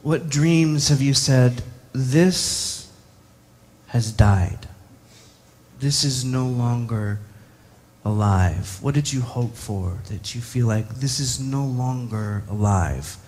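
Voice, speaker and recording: A man's voice: medium pitch, takes it slowly, darkish tone. A man preaching a sermon, reflective and posing many rhetorical questions to the congregation.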